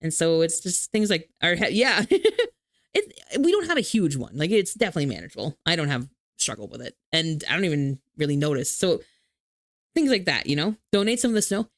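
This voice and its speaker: A woman's voice: deep voice, very animated, brisk, no room sound. Giggly, swearing woman streamer, dry close mic. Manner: chatty, laughs often, swears casually. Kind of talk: casual chat with viewers.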